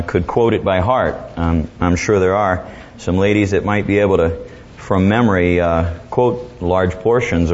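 Low-voiced pastor telling folksy jokes. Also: male voice, slight background noise. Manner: relaxed, chuckling, with fillers. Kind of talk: folksy sermon with joke-telling. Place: church. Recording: dull lo-fi church recording, faint ambience.

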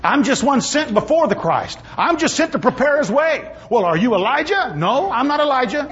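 A fiery desert prophet, put on by a preacher, cries out urgently in a very high voice that swoops with feeling. He sounds humble but insistent. The recording is dull and lo-fi. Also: sing-song, normal speed, fairly bright tone, a little hiss or hum, exaggerated voice. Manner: urgent, proclaiming, raised voice.

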